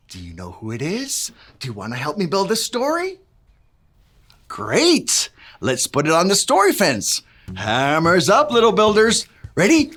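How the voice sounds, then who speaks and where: A woman doing a cheerful handyman who tells kids a story and has them clap, yell and rock along. His voice sits fairly low but swoops wildly up and down. He takes his time with every line. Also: wildly swooping pitch, takes it slowly, pauses often, husky, full character voice. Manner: playful, calls kids to join in. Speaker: children's church presenter. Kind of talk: kids' Bible story with actions.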